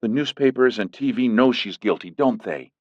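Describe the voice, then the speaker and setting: Man doing a jealous woman, possessive, menacing, raised pitch, lo-fi sound. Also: lively intonation, normal speed, darkish tone, no room sound, close to an everyday voice. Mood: accusing. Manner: menacing, clingy, accusing. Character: jealous possessive Mafia princess, young woman. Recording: dull lo-fi recording.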